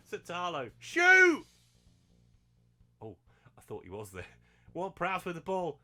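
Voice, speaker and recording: A gaming channel host gives excitable live commentary on a football management game, erupting into shouts and laughter at big moments. His voice is a little high at normal speed, with long pauses and faint music in the background.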